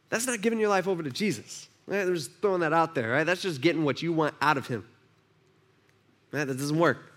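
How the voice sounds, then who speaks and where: Animated man preaching a sermon. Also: a little high, a little fast. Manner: conversational, animated, acts out quoted voices. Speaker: pastor.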